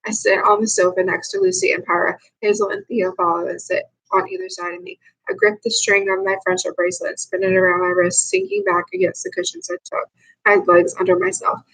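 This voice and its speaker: A young woman reading a first-person novel aloud, plain and unhurried, with small slips and restarts. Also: medium pitch, lively intonation, vocal fry, fairly bright tone, breathy edge, rough recording. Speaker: audiobook reader.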